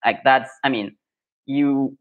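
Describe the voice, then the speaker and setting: A man's voice: mid-range voice, fairly even intonation, slow, narrow, tinny audio. French man chatting frankly on a live stream. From France. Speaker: French pronunciation coach hosting a live stream. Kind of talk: casual live Q&A, reading viewer comments.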